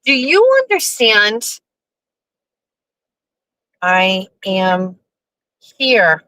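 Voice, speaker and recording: A middle-aged woman hosting a casual live stream, rambling, profane and animated, talking from her car in a driveway. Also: medium pitch, drawn-out words, no room sound, low-quality recording.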